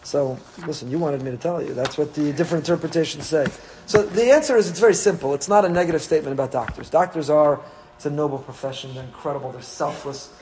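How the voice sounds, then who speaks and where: A man's voice: a little high, fast, a little mellow, a little hiss or hum, low-quality recording. A man, a rabbi giving a Torah class to his congregation, mixing Hebrew terms into English.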